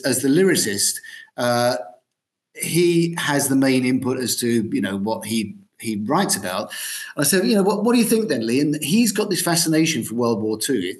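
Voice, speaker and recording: Man in his sixties, guest guitarist; loose, rambling, full of ums and false starts. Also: medium pitch. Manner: rambling, many ums and restarts. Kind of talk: casual interview chat.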